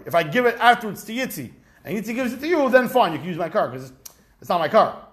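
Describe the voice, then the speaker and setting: A man leads a Talmud class in an animated, rhetorical way, acting out little scenes as he explains. His voice sits high and swoops widely. The room around him is echoey. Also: quick pace. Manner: animated, rhetorical, acts out examples. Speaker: Talmud teacher.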